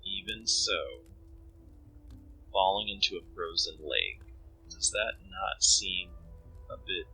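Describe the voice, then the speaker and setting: A man's voice: low voice, expressive, slow, pauses often, bright, forceful tone, soft background music, exaggerated voice, rough recording. A man voicing a cold, suspicious young woman in a visual novel, questioning formally and icily. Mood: cold, probing. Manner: probing, formal, icy.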